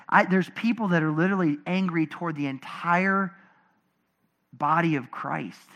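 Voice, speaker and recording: Speaking at normal speed, a pastor delivers a lively sermon to his congregation. His delivery alternates between loud, emphatic stretches and soft, low moments.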